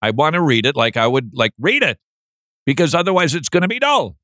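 A man hosting a podcast in casual chat, animated and joking, now and then mocking a flat monotone reading. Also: on the high side, fairly quick, dry recording, studio quality. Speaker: podcast host.

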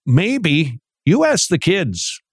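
A man teaching in a sermon style, animated and joking, with many rhetorical questions. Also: on the high side, very slow, slightly rough, dry recording, clean studio sound.

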